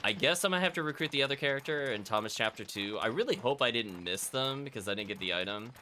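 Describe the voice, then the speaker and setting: A man's voice: medium pitch, expressive, fast talker, sharp tone, a little hiss or hum. A man streaming a video game, giving casual play-by-play commentary with wry asides to his chat. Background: game music.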